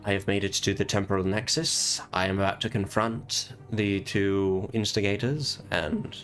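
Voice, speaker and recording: Man putting on a clockwork-faced male being, English accent, calm, flat, emotionless, slightly low, faint music behind. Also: normal speed, lightly acted.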